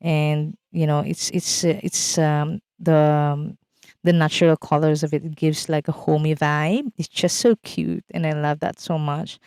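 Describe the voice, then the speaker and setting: A woman's voice: low-pitched, fairly even intonation, measured pace, a little mellow, smooth, no room sound. A woman vlogger casually talking over a game build, rambling with many fillers and restarts. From outside Canada, now living in Canada.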